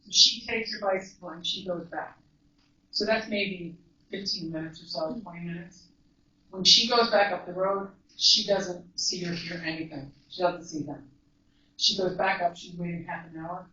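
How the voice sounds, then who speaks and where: A woman, a mental health counselor, giving an earnest, measured storytelling talk to a live audience. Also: fairly low pitch, fairly even intonation, pushed and bright, slight background noise. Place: large echoey event room. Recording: echoey, distant, dull live recording.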